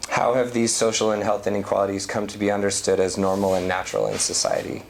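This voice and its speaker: A man giving an academic lecture, reading a prepared talk at a measured pace. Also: on the low side, little pitch movement, gravelly, a little hiss or hum. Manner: reads prepared text, measured.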